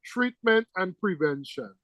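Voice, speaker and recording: A male teacher giving a classroom lecture, lively and teasing, firing questions at his students. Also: sits high, a little slow, no room sound, low-quality recording.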